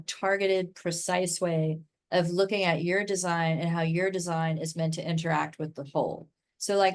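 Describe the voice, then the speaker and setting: A woman from the United States, a guest expert on a podcast, talking enthusiastically in long chatty runs full of "like" and "right?". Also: fairly low pitch. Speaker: guest expert in human design. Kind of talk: casual podcast interview.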